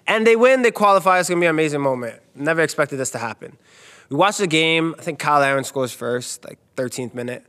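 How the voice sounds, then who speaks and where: A young man from Canada co-hosting a casual soccer talk show, telling stories with lively quoted voices. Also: fairly high pitch, fast. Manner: animated storyteller, jumps into quoted voices. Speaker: co-host and soccer analyst. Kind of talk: casual sports chat.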